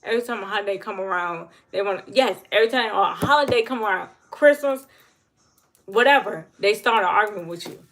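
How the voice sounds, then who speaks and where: A woman's voice: mid-range voice, brisk, fairly bright tone. A woman giving blunt, emphatic advice to her viewers on a casual livestream and answering the chat. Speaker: livestream host.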